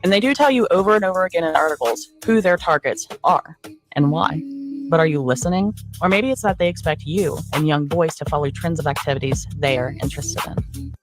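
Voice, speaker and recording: A woman's voice: sits low, brisk. A woman reading a scripted voice-over narration in a sly, insinuating tone, dropping knowing asides. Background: music bed.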